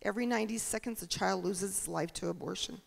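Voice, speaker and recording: A woman speaks as a political candidate at a town hall in a church hall. Her voice has a gravelly, creaky edge, and she talks in an earnest, preacherly way, often turning to the crowd with rhetorical questions. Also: medium pitch, fast talker. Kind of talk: town hall campaign speech.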